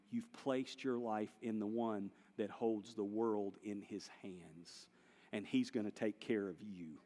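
A man preaching a sermon, swinging between hushed and loud passages. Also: mid-range voice, in a large hall. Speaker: pastor.

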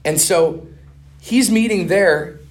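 A middle-aged man teaching a conference class on evangelism, talking fast and animated, full of "man" and "dude.". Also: sits high. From Minnesota. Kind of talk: casual conference teaching with stories.

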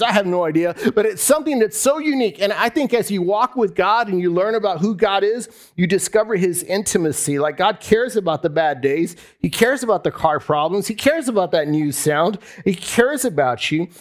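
A man preaching a sermon to a congregation, conversational, repeating phrases and asking the room questions. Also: high-pitched. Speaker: pastor. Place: church hall before a congregation.

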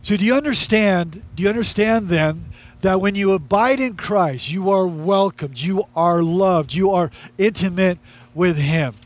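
High-voiced male pastor preaching. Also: unhurried. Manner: conversational, emphatic preaching with repetition. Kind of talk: sermon.

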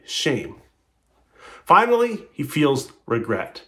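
A man's voice: fairly high pitch, lively intonation, normal speed, fairly bright tone. A man preaching a sermon, retelling a story in a conversational way and acting out the quotes with rising and falling emphasis. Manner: conversational, with restarts. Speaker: pastor.

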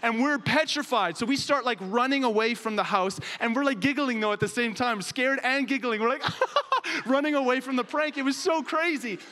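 A man's voice: extremely high pitch, normal speed, sharp tone, in a large hall. A man preaching a sermon and telling a funny story with lots of animation. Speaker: pastor.

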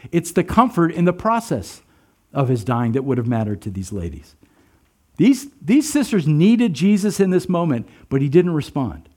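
Pastor guy preaching, earnest and emphatic, lots of questions to the crowd, voice sits a bit high. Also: very animated, moderate pace, dark tone. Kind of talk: sermon.

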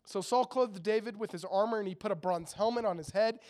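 A man preaching in a relaxed, chatty way, reading scripture aloud and breaking off for joking asides to his listeners. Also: high-pitched, a little fast. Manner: chatty, jokey asides to the audience. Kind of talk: casual sermon with scripture reading.

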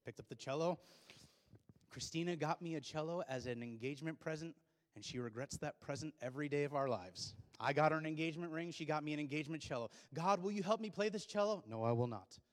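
A young man preaching a sermon, telling stories and swinging from hushed, intimate lines to loud, excited ones. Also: a little high, fast talker, long reverb tail. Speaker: pastor.

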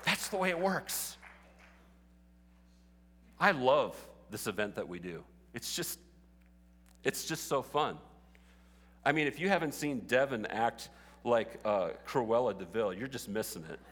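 A man's voice: medium pitch, lively intonation, a little slow, fairly bright tone, some chatter behind. A man preaching a sermon as pastor, chatty at first and rising to fervent exhortation. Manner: conversational, building to fervent exhortation. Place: church sanctuary. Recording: long reverb of a large hall.

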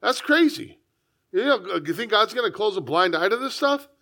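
A man's voice: high voice, lively intonation, moderate pace, gravelly, pushed and bright. A man preaching a sermon as a pastor, reading scripture and talking in a conversational way with frequent asides. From United States.

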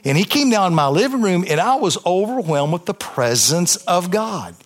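Male pastor, high voice, impassioned testimony sermon, emphatic repeats, church congregation. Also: big pitch swings, moderate pace. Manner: impassioned, conversational preaching with emphatic repetition.

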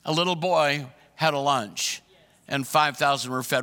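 A man's voice: fairly high pitch, a little slow, pushed and bright, in a large hall. A man preaching a sermon, emphatic and repeating his questions to the congregation. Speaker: pastor.

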